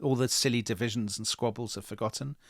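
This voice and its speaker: A man co-hosting a history podcast, retelling events in a dramatic, animated way. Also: medium pitch, quick pace, dry recording, clean studio sound. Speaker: podcast co-host. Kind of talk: storytelling history chat.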